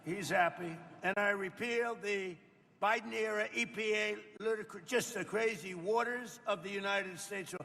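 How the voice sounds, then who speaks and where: An older man who is president rambles off the cuff to farmers at an indoor roundtable, boasting and tossing chatty asides to the audience. His high voice moves at normal speed, with vocal fry and a sharp tone, trailed by a long reverb tail.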